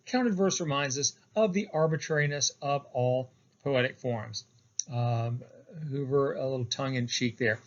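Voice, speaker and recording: Man lecturing with halting fillers. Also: fairly high pitch, lo-fi sound. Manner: hesitant, many fillers and restarts, stretches key terms. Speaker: poetry instructor. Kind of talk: recorded video lecture.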